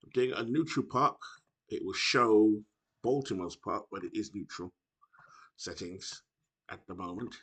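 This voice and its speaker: A man's voice: on the low side, measured pace, pauses often, fairly bright tone, breathy edge. Chatty British man, rambling and self-correcting. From United Kingdom. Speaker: video game streamer. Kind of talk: casual chat to camera. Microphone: laptop microphone.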